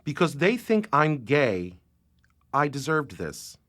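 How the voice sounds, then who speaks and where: A man's voice: sits low, expressive, normal speed, fairly bright tone. A man performing a young man shaken after being outed, in a tense spoken-word delivery. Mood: anguished.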